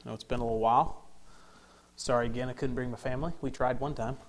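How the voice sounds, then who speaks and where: A man's voice: mid-range voice, fairly even intonation, quick pace. Folksy preacher man, chuckling often. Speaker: visiting preacher. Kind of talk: sermon with joke telling.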